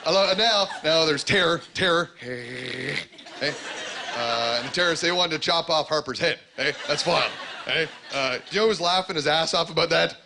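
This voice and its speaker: Rambling comedian in a noisy club. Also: male voice, on the high side, moderate pace, creaky. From Canada. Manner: rambling, filler-heavy, keeps slipping into mock voices. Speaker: stand-up comedian. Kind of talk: stand-up routine. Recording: loud noisy club ambience.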